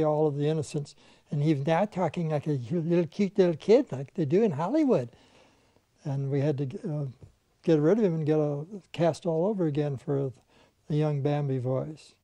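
An older man with a gravelly, somewhat high voice recalls his animation studio days in relaxed conversation. He spins anecdotes and mimics the people in them. His tone is mellow and the sound is close and dry. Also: no echo. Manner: anecdotal storyteller who mimics the people he quotes. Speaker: veteran animation filmmaker. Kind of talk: reminiscing conversation.

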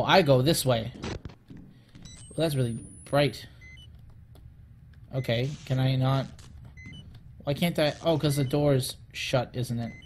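A man's voice: mid-range voice, darkish tone. A man hosting a let's play of a horror game, talking to himself in a jittery way and yelping and shrieking when scared.

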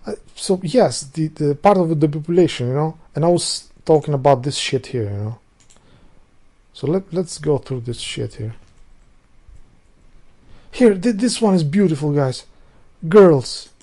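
Rambling man, mellow voice. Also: fairly high pitch, expressive, measured pace. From Albania. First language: Albanian. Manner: rambling, profane, loses his thread and restarts sentences. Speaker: vlogger. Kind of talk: casual rambling monologue.

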